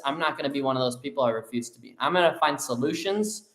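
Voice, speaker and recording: A man's voice: mid-range voice, fast talker, a bit bright. A man with a mid-range voice speaking firmly and with drive, co-hosting a motivational live stream. He backs up his partner's points with conviction. His voice rings in an echoey room. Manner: firm, affirming, driven. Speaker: co-host. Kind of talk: motivational live show talk.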